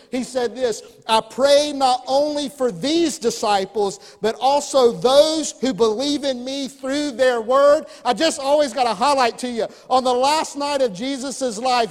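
Pastor, male, very high voice, dynamic delivery swinging loud to hushed, long reverb of a big hall. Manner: preaching with sudden swings between loud emphasis and quiet asides. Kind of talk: sermon.

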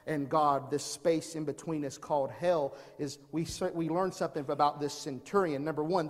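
A man's voice: fairly high pitch, fairly even intonation, normal speed, hardly any pauses, in a large hall. A man preaching a sermon as pastor, building emphasis with rhetorical questions. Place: church.

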